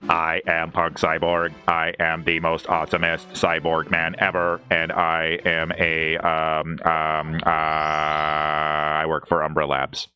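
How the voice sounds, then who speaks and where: A man putting on the voice of a dim, boastful male cyborg, talking slowly and stumbling in a low monotone. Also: dull audio, full character voice. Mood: dopey.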